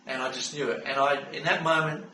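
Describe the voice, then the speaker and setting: A middle-aged Australian man calmly recounting a personal story in an unhurried way, with frequent fillers. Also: medium pitch. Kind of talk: personal spoken testimony. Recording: roomy sound from a distance with faint background hum.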